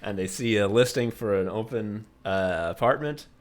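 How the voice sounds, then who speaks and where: Excitable laughing man recapping a comedy. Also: on the low side, normal speed. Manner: laughs often while retelling scenes; swears casually, excitable. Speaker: podcast co-host. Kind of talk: casual comedy podcast chat.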